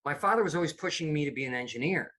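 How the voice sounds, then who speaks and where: A man's voice: on the high side, lively intonation, racing, bright, forceful tone. A middle-aged man from upstate New York, a comedy producer chatting as a podcast guest, rambling with many restarts. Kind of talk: casual interview chat.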